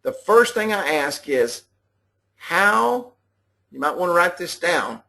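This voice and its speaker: A man's voice: high-pitched, sing-song, slow, creaky, pushed and bright. Folksy man giving sales training. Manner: folksy, repetitive, talks to listeners directly. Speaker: sales trainer for a mobile app business. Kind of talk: live webinar sales training. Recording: clipping webinar audio.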